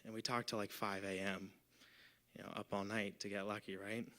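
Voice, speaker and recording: Man, 20s, live-stage storyteller; bright, crisp, casual and filler-heavy delivery. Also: on the low side, flat delivery, brisk. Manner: casual, filler-heavy, lots of "like" and "you know". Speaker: volunteer storyteller.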